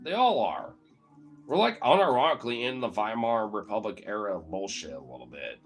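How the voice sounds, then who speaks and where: A lower-voiced man rants heatedly about politics, swearing freely and wandering from point to point. His talk is loose and casual, like a streamer talking to his viewers, with faint music playing underneath. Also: very animated, moderate pace. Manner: heated, profane and rambling.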